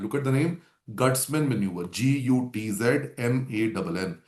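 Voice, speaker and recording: A man's voice: medium pitch, animated, moderate pace, a little mellow. A man teaching a medical class and repeating key terms to drill them in. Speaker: medical lecturer. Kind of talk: classroom lecture. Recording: echoey lecture room.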